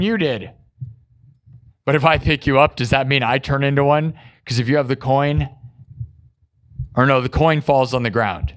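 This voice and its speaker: A worn-out man hosts a late-night live stream in a fairly high voice. He rambles in loose, slangy chat, thanking viewers and spinning a silly improvised story. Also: fairly bright tone. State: exhausted. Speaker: live-stream host and musician.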